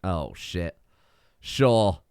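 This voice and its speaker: An English game streamer casually commentates a let's-play in a low, animated, slightly mellow voice, speaking very slowly. He's offhand, chuckling and swearing often, and the dry recording is clean and studio quality.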